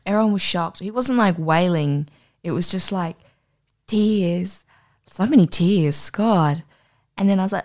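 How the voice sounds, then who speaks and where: A woman's voice: mid-range voice, lively intonation, unhurried, darkish tone. A young woman hosting a podcast, telling a story in casual chat and acting out the voices with crude humour. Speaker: podcast host.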